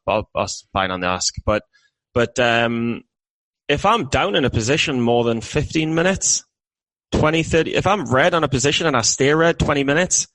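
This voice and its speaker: A man's voice: mid-range voice, fairly bright tone, rough recording. A British man co-hosting a podcast, talking casually in a rambling, self-deprecating way with many restarts. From Britain. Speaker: podcast co-host. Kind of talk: casual chat.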